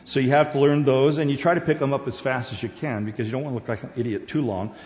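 A man raised in Korea, Borneo and Singapore speaks informally, rambling along with fillers and restarts. His voice sits at an ordinary pitch. The sound is dull and muffled, and a long reverb trails behind it as if in a big hall. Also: fairly even intonation, fast talker, a little mellow. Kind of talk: informal personal talk.

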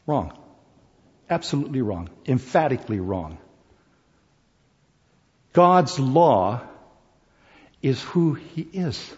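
A man preaching a sermon, emphatic and animated, dropping to soft asides and rising to loud points. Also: medium pitch, slow pace, pauses often. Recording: long hall reverb, dull lo-fi sound.

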